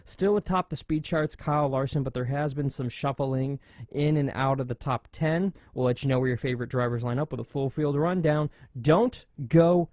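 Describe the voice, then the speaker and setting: A man hosts a motorsports talk radio show, speaking casually and animatedly, with frequent fillers and restarts. His voice sits at a middling pitch. The studio sound is dry and close. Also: fairly quick, a little mellow, no room sound.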